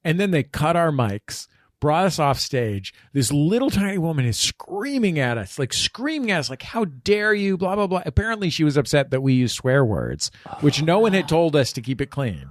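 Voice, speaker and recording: A man on a podcast as a guest, chatting casually and telling animated stories with bursts of laughter at a studio table. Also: a little high, moderate pace, dry recording. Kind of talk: casual chat.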